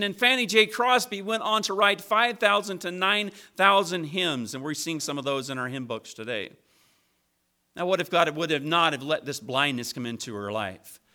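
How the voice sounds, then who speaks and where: A man preaching a sermon to a congregation, with emphatic rises and sudden quiet drops. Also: a little high.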